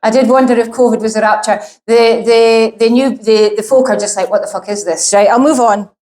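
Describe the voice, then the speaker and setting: Woman, stand-up comic, profane and rambling, higher voice, roomy echo. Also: fairly even intonation, a little fast, darkish tone. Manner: rambling, sweary and blunt. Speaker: stand-up comedian. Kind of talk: stand-up comedy set. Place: live comedy venue.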